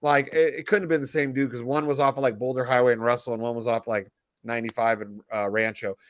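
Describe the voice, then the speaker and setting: A man co-hosting a casual podcast chat, telling stories with swearing and loudly acted-out quotes. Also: medium pitch, fairly even intonation, fast, dry recording. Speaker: podcast co-host.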